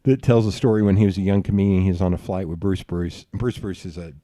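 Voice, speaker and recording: A man hosting a podcast, telling rambling stories in a loose, profane, animated way. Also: low voice, fast talker, dry recording. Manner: animated, profane, rambling storyteller who bursts into laughs. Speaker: podcast host. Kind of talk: casual storytelling chat.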